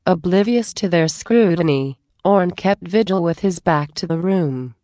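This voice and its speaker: Woman narrator, measured story reading, slow and lowish, dry close mic. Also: dry recording. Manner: steady, measured. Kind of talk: reading fan fiction aloud.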